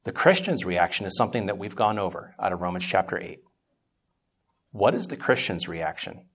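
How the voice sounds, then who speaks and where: A man's voice: low voice, animated, moderate pace, vocal fry, a bit bright, slightly rough. A man preaching in a church Bible class, telling a story conversationally and growing more impassioned as he teaches, often restarting his words. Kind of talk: sermon-style Bible teaching.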